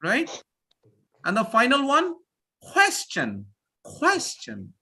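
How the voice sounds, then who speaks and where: Emphatic Indian English teacher, high bright voice. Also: male voice, huge pitch swings, slow, slightly rough. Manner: emphatic, repeats words and phrases while drilling pronunciation. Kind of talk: live online English lesson.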